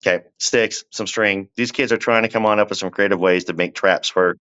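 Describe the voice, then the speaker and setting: A man with a drawl and a low voice, spinning a long, unhurried story as a podcast guest. He keeps turning to the listener with little asides. The audio is dull and lo-fi, like a remote call. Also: fairly even intonation, sharp tone, smooth. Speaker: guest telling his story. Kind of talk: casual storytelling.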